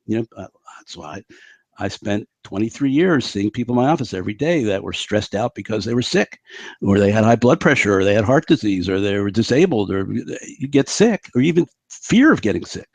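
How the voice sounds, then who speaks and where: Animated older male physician storyteller. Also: fairly low pitch, brisk, dry recording. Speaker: physician guest. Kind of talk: interview conversation.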